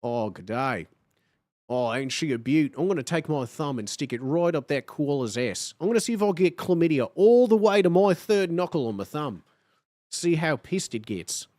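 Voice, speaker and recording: A man putting on a broad Australian accent to play a crude, rowdy outback man, with a lower voice than his own. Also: lively intonation, normal speed, a little mellow, no room sound, clean studio sound, natural voice. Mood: crude glee. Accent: Australian (put on). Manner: broad drawling impression.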